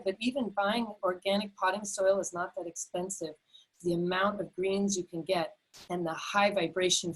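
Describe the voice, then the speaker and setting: This low-quality recording captures a husky, medium-pitched woman in middle age teaching a health webinar by video call. As a health educator she sounds enthusiastic and earnest, though repetitive, with frequent filler-laden restarts.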